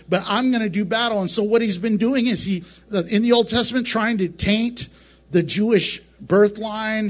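A man preaching a casual, joking Bible lesson to a camera, animated and prone to breaking off mid-sentence. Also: high voice. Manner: animated, joking, self-interrupting. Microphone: camera mic up close.

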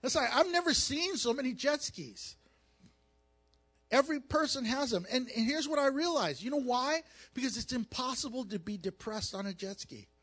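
High-voiced animated pastor preaching. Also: male voice, moderate pace, slightly rough. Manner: animated, jokey storytelling with acted asides. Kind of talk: sermon with humor.

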